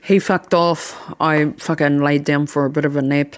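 A woman's voice: sits low, fairly even intonation, normal speed, smooth, no room sound. A woman in her thirties with a New Zealand accent, hosting a podcast and telling a personal story in a blunt, candid way, swearing freely. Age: 30s. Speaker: podcast host.

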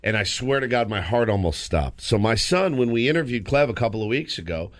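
Man, sports radio co-host, casual storytelling, very lively pitch, dry studio sound. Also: fairly quick, no room sound. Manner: animated storyteller, lots of restarts.

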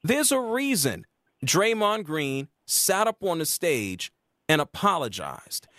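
A man's voice: slow, no room sound, studio quality. A man hosting a sports talk radio show, arguing his point with emphasis. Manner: emphatic, argumentative, lively pitch swings.

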